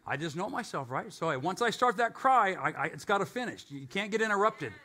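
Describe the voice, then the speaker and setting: A man's voice: high-pitched, expressive, fairly quick, sharp tone. An older man preaching a conversational sermon as pastor, often asking and answering his own questions.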